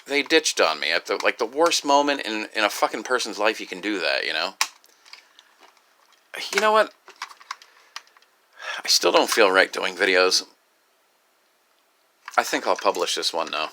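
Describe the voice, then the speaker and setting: A man's voice: lowish voice, very animated, sharp tone, a little hiss or hum. Upset man rambling through a vlog. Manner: halting, profane, full of restarts and "you know". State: upset, grieving. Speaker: video creator.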